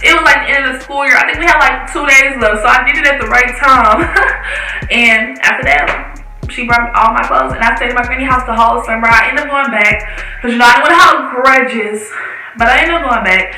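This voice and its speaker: A woman's voice: high-pitched, fairly quick. A young woman around eighteen, a vlogger telling a storytime in casual slang, swearing and acting out what people said. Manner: animated, slangy, swears, acts out quotes. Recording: echoey room with faint music.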